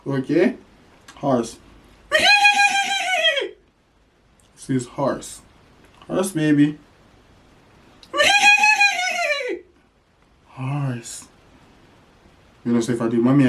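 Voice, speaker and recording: A man's voice: mid-range voice, dark tone, a little hiss or hum. A man talking playfully to his baby in a home vlog, making animal sounds. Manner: sing-song talk to a toddler with animal sounds. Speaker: father teaching his baby.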